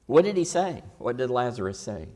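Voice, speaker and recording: A man's voice: mid-range voice, big pitch swings, fairly quick, warm tone. A man teaches a Bible class in a church classroom. His manner is folksy and casual, and he keeps quizzing the students as he goes.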